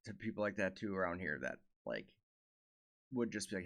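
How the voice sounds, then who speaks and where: Male podcast host, lower pitch, laid-back conversational delivery. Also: normal speed, vocal fry, fairly bright tone. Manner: easygoing, hedging with "you know" and "like". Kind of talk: casual podcast chat.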